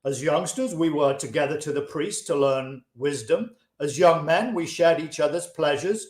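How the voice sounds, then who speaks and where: A man's voice: a little high, moderate pace, darkish tone, close to an everyday voice. A man reading the part of an earnest, discontented chariot maker, speaking old-fashioned English with passion. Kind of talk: audiobook-style reading of a classic. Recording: roomy echo.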